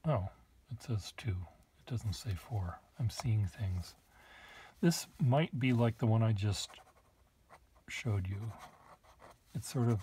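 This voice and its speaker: This pen collector's voice is fairly low and darkish, with a little hiss or hum underneath. Writing at a desk, he shows nibs to the camera in an easygoing show-and-tell, thinking aloud and adding small asides.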